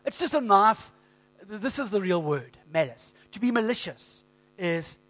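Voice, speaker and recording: Male pastor, fairly high voice, casual storytelling sermon. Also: moderate pace. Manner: conversational storytelling, animated quoting.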